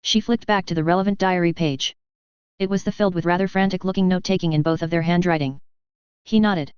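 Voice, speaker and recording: A woman reading fan fiction aloud as narrator in a steady, even manner, on a dull lo-fi recording. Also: fairly low pitch, fast, clear, resonant tone, no echo.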